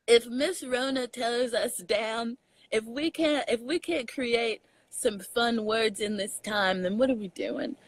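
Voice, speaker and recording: A young adult woman from Texas with a Southern accent, chatting casually as a comedian guest, animated and laughing often. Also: on the high side, slow, no room sound, rough recording. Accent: Southern US, Texan. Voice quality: animated storyteller, laughs often, mixes in slang. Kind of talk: casual chat.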